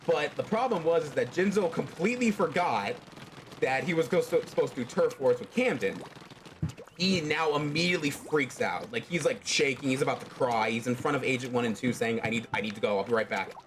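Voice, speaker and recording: A man telling a fan story in a loose, rambling way, dropping filler words all through. His pitch moves around a lot, with a faint hum of background noise behind him. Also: animated, brisk. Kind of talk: casual storytelling.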